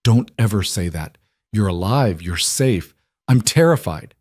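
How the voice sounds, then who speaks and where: A man's voice: lowish voice, expressive, a little slow, a little mellow, no echo. A man voicing a tearful, remorseful middle-aged mother who pleads with her daughter. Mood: pleading. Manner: pleading, sorrowful.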